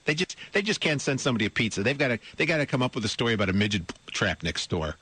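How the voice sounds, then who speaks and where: A man's voice: mid-range voice, very animated, very fast, a bit bright, slightly rough. A middle-aged man hosting a radio talk show, reading a news story aloud and commenting on it. He sounds amused and incredulous, asks his listeners rhetorical questions and repeats his words as he goes. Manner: amused and incredulous, breaks into laughter while reading. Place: radio studio. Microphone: studio microphone.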